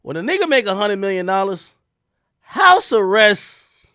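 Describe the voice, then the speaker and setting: Young male host, high and very lively voice, slangy profane storyteller, dry close sound. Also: a little slow, dry recording. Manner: animated, profane, slangy, swings from loud exclaims to low asides. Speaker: show host. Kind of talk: casual storytelling to viewers.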